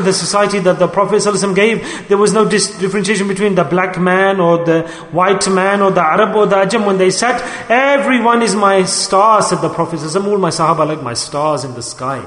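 A man preaches a sermon in a high voice, stretching his phrases into a sing-song cadence. His voice rings around a large, echoey hall with a long reverb tail. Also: a bit bright.

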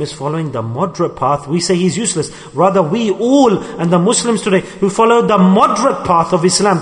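A male preacher giving an emphatic sermon with storytelling, swinging from loud exhortation to a hushed softness. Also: a little high. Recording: long hall reverb.

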